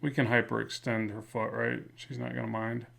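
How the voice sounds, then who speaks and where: A man with a slight lisp, talking through a drawing in a relaxed, rambling way as a comic art instructor. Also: mid-range voice, normal speed, creaky. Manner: relaxed, rambling, many fillers and restarts. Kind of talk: casual drawing tutorial narration.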